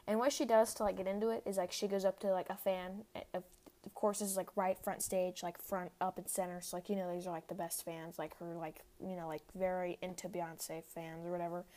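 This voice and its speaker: A woman's voice: medium pitch, darkish tone. A young woman hosting a casual solo podcast, rambling with many fillers. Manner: rambling, heavy use of "like", quick laughs. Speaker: podcast host.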